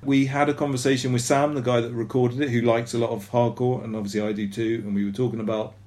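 A man's voice: mid-range voice, little pitch movement, quick pace, darkish tone. A man co-hosting a podcast in casual chat, rambling and self-deprecating with lots of fillers. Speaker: podcast co-host.

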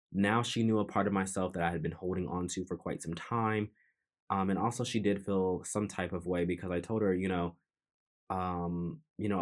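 A man hosting a podcast, telling a personal story in an earnest, reflective way, often restarting and repeating his phrases. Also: deep voice. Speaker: podcast host.

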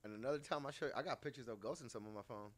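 A man's voice: mid-range voice, very fast. A middle-aged man, a tattoo artist guest, chatting casually, swearing freely and laughing through his stories. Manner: profane, laughs often, storytelling. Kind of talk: casual chat.

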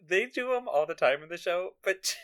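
A woman's voice: on the low side, lively intonation, fairly quick. A woman co-hosting a casual podcast, laughing often as she retells scenes from a TV episode. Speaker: podcast co-host. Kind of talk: casual chat recapping a TV episode.

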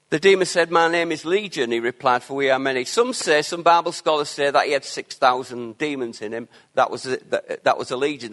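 A man preaching a sermon, earnest and emphatic, with quieter asides between his declarations. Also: on the high side.

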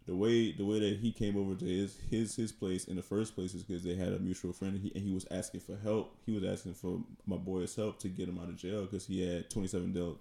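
Gravelly low man telling a story. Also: level tone, warm tone. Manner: halting, repeats words, laughs between lines. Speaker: podcast co-host. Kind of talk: casual storytelling. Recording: echoey room.

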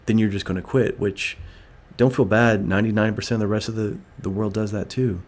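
A man's voice: fairly low pitch, steady tone, fairly quick. A man speaking as a guest in a casual talk, delivering motivational points with emphasis. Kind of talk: casual conversation.

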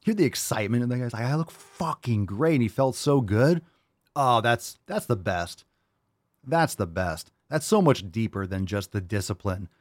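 A man's voice: fairly low pitch, lively intonation, moderate pace, no room sound, studio quality. A man hosting a live question-and-answer show, reading viewer questions and answering in a hyped, jokey, profane way. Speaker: host.

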